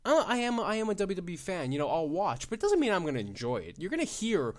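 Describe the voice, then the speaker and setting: A young man hosting a solo podcast, excitable and profane, swinging between loud outbursts and low muttering and laughing at his own jokes. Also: fast. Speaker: podcast host. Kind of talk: casual solo podcast rant.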